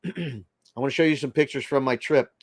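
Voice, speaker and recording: A man's voice: medium pitch, fairly quick, no room sound. Chatty man with a faint Boston accent. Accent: slight Boston. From Boston area. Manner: rambling, greets viewers by name, frequent fillers. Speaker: live-stream host. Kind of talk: casual live-stream chat.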